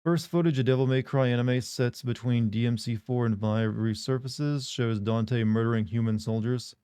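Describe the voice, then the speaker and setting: A man riffing with his live chat in loose, joking banter. His voice is warm and mellow at a middling pitch. He is recorded close and dry on a desk mic. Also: normal speed, smooth, no room sound. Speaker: livestream host. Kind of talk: casual live-stream chat.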